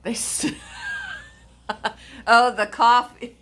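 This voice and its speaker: Slow-talking woman with a bright voice. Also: on the high side, flat delivery, slight background noise. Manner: chatty, talks to her pets and to chat viewers. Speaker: live-stream host. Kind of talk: casual live-stream chat.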